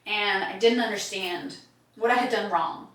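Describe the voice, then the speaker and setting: A woman's voice: medium pitch, moderate pace, a bit bright, distant mic. A woman hosts a casual faith conversation, opening up with candid, heartfelt stories. Her voice sits back from the microphone. The room around her is echoey. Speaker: podcast host.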